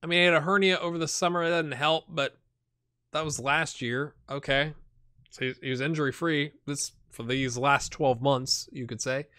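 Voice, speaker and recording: His voice sits on the high side, bright, forceful and clean, with fairly even intonation at a normal pace. As a game channel host he gives casual commentary on a football management save, rambling, chatty and constantly restarting as he thinks aloud.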